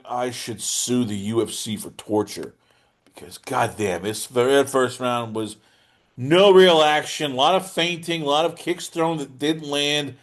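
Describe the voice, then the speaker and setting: A man hosting a casual podcast chat, animated and teasing, with big swings in pitch and loudness as he jokes. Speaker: podcast host.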